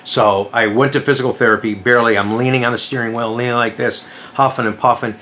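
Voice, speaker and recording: A middle-aged man hosting his vlog and casually retelling a personal story in an animated, dramatic way. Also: mid-range voice, fast, slight background noise. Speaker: vlog host.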